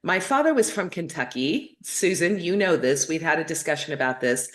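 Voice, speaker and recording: A middle-aged woman with a low voice, telling her viewers a personal story in a casual, rambling way. She loops back over her words, restarts sentences and fills gaps as she talks. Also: expressive, moderate pace. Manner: chatty, rambling, with many fillers and restarts. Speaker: host of a spiritual talk show.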